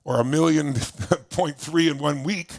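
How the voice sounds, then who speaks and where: A man speaks as a motivational speaker, telling a story from his life with plenty of energy. His voice sits high for a man and has a rough, gravelly fry. He slips into the voices of the people in his tale as he goes. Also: fairly even intonation, a little slow. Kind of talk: storytelling talk to an audience.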